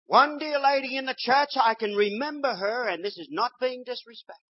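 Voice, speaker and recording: An older man preacher delivering a sermon, swinging from loud exhortation to quiet, low storytelling. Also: fairly quick, dry recording. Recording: dull lo-fi sermon recording.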